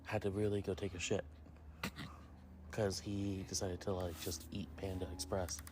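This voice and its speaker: A man on a casual podcast, telling a prank story with lots of energy. When he quotes people he jumps into high squeaky voices. A faint hiss sits under the recording. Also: level tone, moderate pace. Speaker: podcast co-host.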